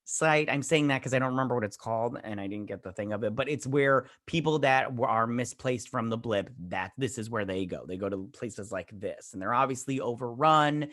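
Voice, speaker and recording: A man's voice: medium pitch, fairly quick, hardly any pauses, a bit bright, no echo, clean studio sound. A man hosting a show, giving a casual, rambling episode recap full of fillers and restarts. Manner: rambling, filler-heavy retelling. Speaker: show host.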